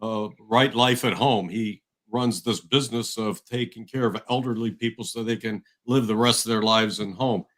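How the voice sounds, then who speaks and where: A man's voice: lowish voice, fairly even intonation, moderate pace, few pauses, fairly bright tone. A man co-hosting a sports radio show, talking in a friendly, rambling way with plenty of fillers. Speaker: radio co-host. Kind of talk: casual radio sports chat. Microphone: studio microphone.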